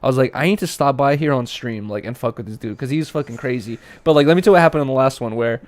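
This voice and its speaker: A man's voice: mid-range voice, quick pace, dry recording. A young man telling stories in casual podcast chat, with lots of slang and acted-out quotes. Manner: animated storytelling, acting out quotes. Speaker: podcast co-host.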